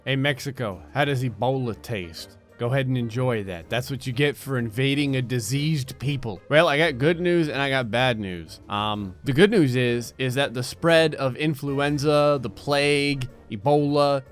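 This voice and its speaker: A man's voice: medium pitch, moderate pace, few pauses, soft background music. A young man from New Jersey giving casual, sarcastic commentary on a strategy game, joking and laughing often. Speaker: gameplay commentator.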